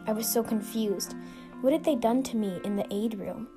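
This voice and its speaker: A woman narrates a scripted suspense story in an earnest, steady manner, her voice pitched on the higher side. She hosts the show. Clear music plays behind her narration. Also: normal speed. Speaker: storyteller and podcast host.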